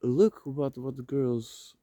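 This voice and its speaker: A man's voice: medium pitch, fairly even intonation, slow, warm tone, dry recording. Man vlogging while walking outdoors. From Netherlands. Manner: rambling, heartfelt, swears casually. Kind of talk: emotional motivational monologue. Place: outdoors, walking on a slippery path.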